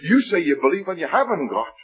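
A man's voice: a little high, very animated, fast talker, breathy edge, faint music behind. A man preaching a testimony sermon, telling a story and acting out the voices in quoted dialogue. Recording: dull lo-fi recording.

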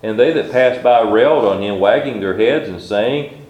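A man preaching a sermon at a middle pitch. He reads scripture in a slow, measured way, and his voice rings in a reverberant room. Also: a little mellow, dull audio. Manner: reads scripture aloud in old-style wording, slow and measured. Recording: echoey room.

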